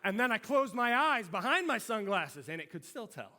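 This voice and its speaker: Male pastor, middle-aged, animated conversational preacher with a high voice. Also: normal speed. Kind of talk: sermon.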